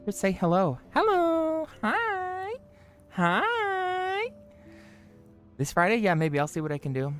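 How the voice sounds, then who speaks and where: A livestreamer chatting casually with viewers and friends, joking, swearing and mocking themselves, with the pitch jumping high for greetings. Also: fast talker, hardly any pauses, faint music behind. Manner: joking, profane, self-mocking.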